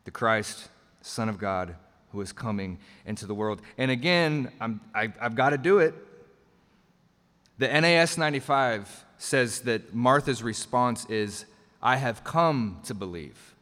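Here a pastor's medium-pitched, slightly bright voice moves at a measured pace through his sermon. His preaching is earnest and emphatic, full of restarts, asides, and repetition as the point builds. A large hall gives the recording a long reverb.

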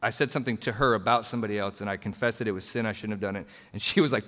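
A man's voice: fairly low pitch, steady tone, racing, hardly any pauses, a bit bright. A man preaching a sermon as pastor, earnest and emphatic, often repeating himself as he builds a point. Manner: earnest, emphatic preaching with frequent restarts and asides. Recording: long reverb of a large hall.

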